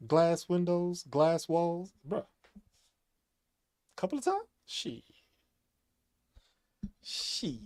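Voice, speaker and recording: A man's voice: a little high, big pitch swings, drawn-out words, pauses often, a little mellow, no room sound, studio quality. A man talking casually as a streamer, rambling, repeating himself and laughing often. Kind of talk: casual monologue.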